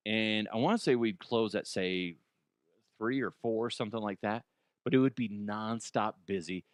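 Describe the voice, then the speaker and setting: A man's voice: fairly low pitch, normal speed, clean tone, no room sound. A man hosting a comedy podcast, telling stories in a loose, profane way with stammered restarts. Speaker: podcast host. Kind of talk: comic storytelling.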